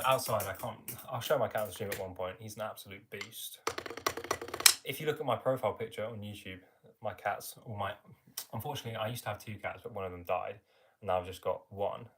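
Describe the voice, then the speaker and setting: A young man with an English accent and a fairly low, slightly bright voice answers chat on his live stream, reading viewer comments aloud in a casual, chatty way. "Mate" keeps popping up as friendly filler.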